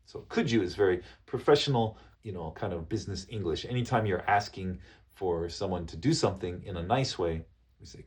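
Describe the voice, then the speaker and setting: A man coaching business English, explaining phrases patiently and repeating each example slowly with frequent checks like "okay?". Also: deep voice. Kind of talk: business English lesson to camera.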